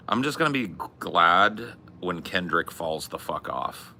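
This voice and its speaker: Gravelly low-voiced man ranting profanely. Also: lively intonation, a little slow, few pauses, bright, forceful tone, a little hiss or hum. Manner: rambling, profane, exasperated. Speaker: podcast co-host. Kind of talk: casual comedic rant.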